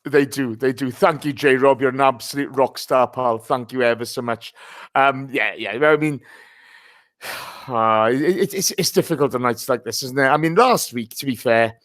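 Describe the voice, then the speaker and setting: A man's voice: mid-range voice, normal speed, a bit bright, no echo, clean studio sound. A man hosting a casual football podcast, chatty and greeting listeners by name. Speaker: podcast host.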